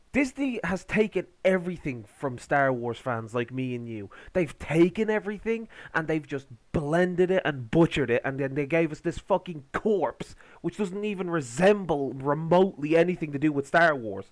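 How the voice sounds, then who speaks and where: A man's voice: a little high, animated, moderate pace, dry recording. A man ranting in a reaction commentary, indignant and sarcastic, swearing as he complains.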